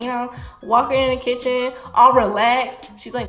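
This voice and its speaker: Animated young woman telling a storytime. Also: sits high, normal speed. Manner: animated, slangy, acts out quoted voices. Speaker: vlogger. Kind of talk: casual storytime. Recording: echoey room with faint music.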